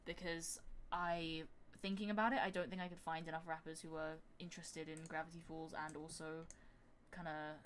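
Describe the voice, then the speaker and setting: A young woman chatting casually on a livestream while producing music, thinking out loud and drifting into soft asides. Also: low-pitched, level tone, fairly quick, a little hiss or hum.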